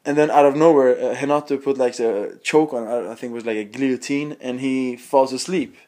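A man's voice: mid-range voice, fairly even intonation, fairly quick, dark tone. A man hosting a casual podcast chat, laid-back and crude in his talk.

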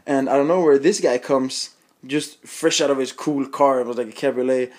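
A man's voice: mid-range voice, steady tone, moderate pace, darkish tone. A man hosting a podcast, telling a story in casual chat and laughing often between lines. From Sweden. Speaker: podcast host.

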